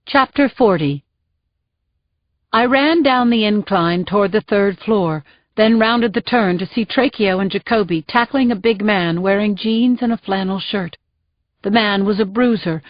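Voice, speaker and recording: A woman reading a first-person thriller audiobook in a tense, measured way. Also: medium pitch, dry recording. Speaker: audiobook narrator. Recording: dull, dry studio sound.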